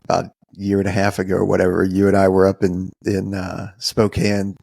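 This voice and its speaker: A man's voice: sits low, monotone, a little fast, vocal fry, a little mellow, no echo, studio quality. A man co-hosting a podcast in casual, rambling chat, restarting his sentences often. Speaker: podcast co-host.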